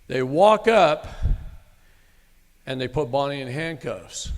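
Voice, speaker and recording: A man's voice: medium pitch, animated, a little slow. Blunt folksy man in a reverberant hall. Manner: blunt, folksy, emphatic, occasional cursing. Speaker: speaker at a live event. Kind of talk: storytelling to a live audience. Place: meeting room with an audience.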